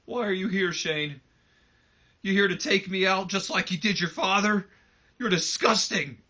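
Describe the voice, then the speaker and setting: A man's voice: high voice, unhurried, pushed and bright, pitched above the performer's own voice, exaggerated voice. A man voicing a disgusted, accusing male wrestling commissioner, on a slightly muffled mic. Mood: outraged. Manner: accusing, outraged.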